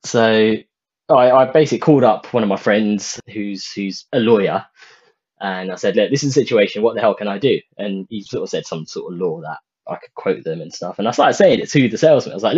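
Man, casual storytelling, lively pitch, dull lo-fi recording. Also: brisk, breathy edge. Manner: animated, swears when worked up. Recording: dull lo-fi sound.

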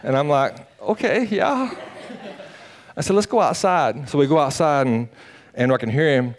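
Pastor, male, folksy and animated sermon storyteller. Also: mid-range voice, fairly quick. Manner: animated, folksy, acts out quotes.

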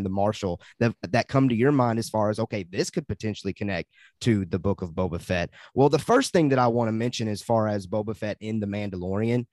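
A man's voice: on the low side, darkish tone, no echo. A man hosting a podcast in casual chat, upbeat and laughing easily as he leads into the next topic. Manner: upbeat, laughs often, quick transitions. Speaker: podcast host.

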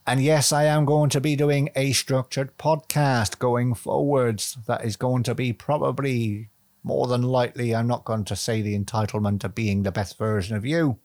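A man's voice: medium pitch, steady tone, moderate pace, darkish tone, no room sound. A man hosting a solo podcast, rambling and chatty, swearing casually and making fun of himself. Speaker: podcast host.

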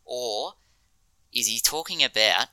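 A man's voice: mid-range voice, expressive, takes it slowly, pushed and bright, dry recording, poor audio. A man co-hosting a podcast, chatting enthusiastically about a TV episode, with frequent ums and laughter. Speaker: podcast co-host. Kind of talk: casual chat reviewing a TV episode.

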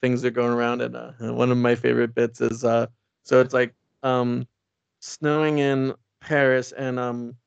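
A man's voice: medium pitch, level tone, moderate pace, vocal fry, clear, resonant tone, dry recording. A man chatting casually about a comic book, rambling and laughing as he acts out the characters' lines. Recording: dull lo-fi sound, dry.

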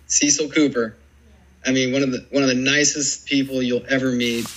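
Rambling former ballplayer, bright voice. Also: male voice, mid-range voice, moderate pace, low-quality recording. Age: 40s. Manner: rambling, animated storytelling full of "dude" and "man". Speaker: former baseball player, guest. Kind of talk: casual storytelling interview.

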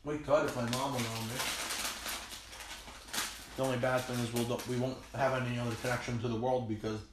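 A man's voice: mid-range voice, flat delivery, brisk. Young man rambling in a roomy room. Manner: rambling, many fillers and restarts. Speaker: podcast host. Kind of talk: casual chat. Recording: roomy, distant mic with background noise.

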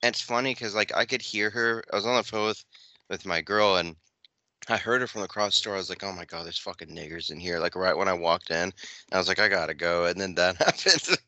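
A man with a somewhat low but very bright, forward voice rambles through crude anecdotes. He leans on filler words and keeps laughing. The sound is dry and close. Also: fairly quick, dry recording. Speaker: podcast co-host. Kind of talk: casual crude chat.

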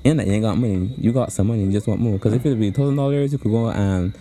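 A woman co-hosting a casual podcast chat, animated and often laughing. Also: rumbling low, very fast, slight background noise. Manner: animated, laughing, sing-song teasing rhymes. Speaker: podcast co-host.

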